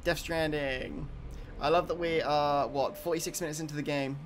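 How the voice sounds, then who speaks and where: Excitable, foul-mouthed game streamer. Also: mid-range voice, moderate pace, a little hiss or hum. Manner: excitable and profane, reacting loudly and reading chat. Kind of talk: live gameplay commentary.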